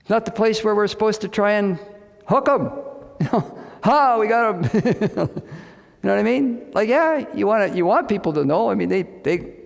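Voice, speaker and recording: A man's voice: sits high, animated, moderate pace, creaky, big-room sound. A man speaking as a medical missionary, giving a casual, folksy talk to a group in a room. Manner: chatty, folksy, often asks "you know what I mean". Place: indoor gathering with a live audience.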